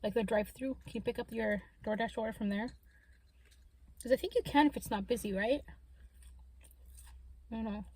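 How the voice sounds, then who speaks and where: A woman's voice: fairly high pitch, moderate pace, pauses often, darkish tone, breathy edge. A woman vlogger chatting casually while eating in a parked car, humming between bites. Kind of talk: casual eating-show chat.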